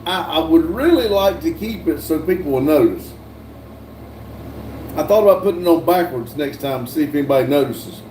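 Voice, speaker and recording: A middle-aged man hosting a casual live stream, reading viewer comments aloud with many pauses and uhs. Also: fairly high pitch, animated, darkish tone. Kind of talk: casual chat. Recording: echoey room, distant mic, faint noise.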